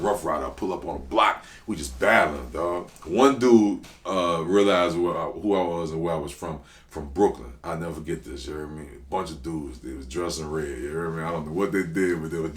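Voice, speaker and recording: A man tells stories as a rapper guest in a relaxed interview. He talks in a slangy, animated way that jumps up in quick bursts of excitement. The room gives his voice a noticeable echo. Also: low-pitched. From New Orleans. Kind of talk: casual interview storytelling. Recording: roomy echo.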